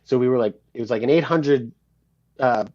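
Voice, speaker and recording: Interviewed as a guitarist and producer, a man tells stories casually and with animation, acting out quoted dialogue and swearing now and then. His mid-range voice moves at a moderate pace, and the recording has a dull, lo-fi sound.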